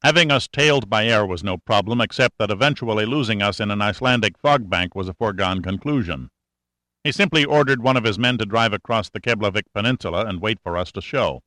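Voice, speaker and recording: A man's voice: lowish voice, fairly quick, bright, forceful tone, no echo. A man voicing a cool, sarcastic male adventurer in an audiobook, speaking in a dry, matter-of-fact way. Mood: explaining.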